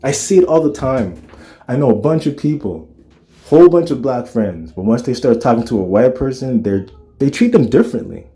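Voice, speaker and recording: A man's voice: mid-range voice, animated, normal speed, mellow. A man reacting to a clip with casual commentary, earnest and lecturing, often asking rhetorical questions.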